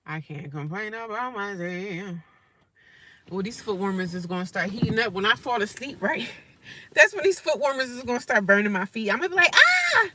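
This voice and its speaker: A woman's voice: on the high side, lively intonation, fast talker, sharp tone, slight background noise. A woman vlogging from inside her parked car, chatting casually and emphatically to viewers and calling them honey. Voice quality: emphatic, talkative, calls listeners honey. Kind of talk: casual vlog chat to viewers.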